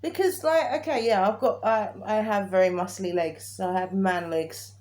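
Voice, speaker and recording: A woman's voice: medium pitch, moderate pace, darkish tone. A woman, co-hosting a casual chat and ranting in an exasperated, chatty way. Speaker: podcast co-host. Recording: faint background noise.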